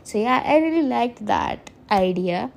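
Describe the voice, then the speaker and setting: A woman's voice: a little high, expressive, a little slow, gravelly. A woman hosting a solo podcast, rambling earnestly, often correcting herself and laughing. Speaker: podcast host. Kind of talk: casual solo podcast monologue.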